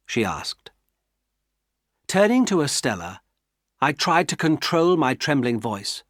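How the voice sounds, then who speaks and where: A man narrating a graded-reader classic as an audiobook, with clear, measured storytelling. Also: medium pitch, big pitch swings, fairly bright tone, no echo, studio quality.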